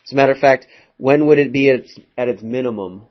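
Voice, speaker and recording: A man teaches a math lesson in a classroom, talking casually with plenty of fillers and asides to the students. His voice sits at a medium pitch. The recording sounds dull and lo-fi, picked up in the room. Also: fast talker. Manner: chatty, rambling, full of fillers and asides to students. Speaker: high school math teacher.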